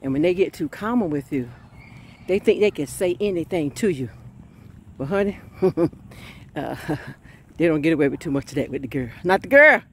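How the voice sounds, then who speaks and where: A woman preaching an informal sermon, fervent and chatty, often breaking into laughs and shouted exclamations. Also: sits low, moderate pace, long pauses, slightly rough.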